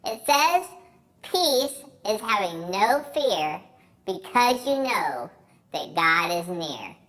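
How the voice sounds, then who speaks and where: A man voicing a cheerful, excitable talking banana puppet who leads children in call-and-response at a children's church show. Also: high voice, normal speed, heavily acted. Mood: bubbly. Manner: bubbly, jokey, leads kids in call-and-response.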